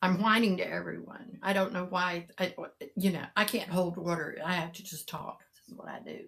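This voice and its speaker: A woman's voice: fairly low pitch, animated, fairly quick, gravelly, a bit bright. A middle-aged woman, chatting casually and rambling to live viewers, greeting them by name. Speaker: live-sale seller and vlogger.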